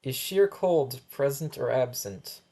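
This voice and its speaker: Voicing a patient but flustered first-grade teacher at roll call, this man speaks at medium pitch with lively intonation and a mellow tone, taking it slowly. The teacher keeps stumbling, restarting sentences and apologizing. It's amateur animation voice acting.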